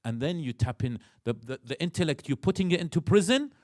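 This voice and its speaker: Animated Iraqi-accented man lecturing in a mosque. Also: on the high side, brisk, dry recording, clean studio sound. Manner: animated, acts out inner voices, asks the audience questions. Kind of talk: religious lecture.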